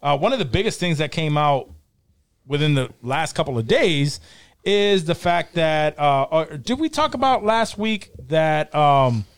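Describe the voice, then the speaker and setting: A man's voice: on the high side, lively intonation, a little slow, clean tone, dry recording. Casual, rambling man with a dry sound. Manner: loose, profane, rambling with many fillers. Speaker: podcast co-host leading the topics. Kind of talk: casual chat.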